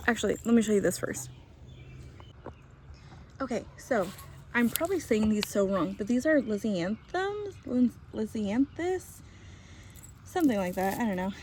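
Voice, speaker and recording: A chatty woman with a fairly high voice gives a relaxed tour of her backyard garden. She rambles, laughs often, and coos sweetly to her hen. Chickens cluck faintly in the background. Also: slight background noise. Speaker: vlogger giving a garden tour. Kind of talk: casual chat.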